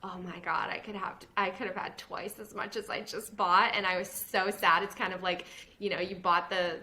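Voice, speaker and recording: A woman and former news reporter, now a podcast host, talking casually in an interview, animated and laughing often. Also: mid-range voice, moderate pace. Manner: animated, laughs often, mimics others in quotes.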